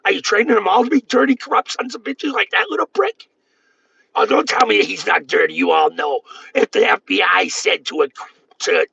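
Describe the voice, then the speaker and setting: A man ranting on a livestream, profane and erratic, swinging between yelling and low muttering, with a raspy, gravelly voice. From Boston area. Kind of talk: angry livestream rant. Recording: dull lo-fi sound.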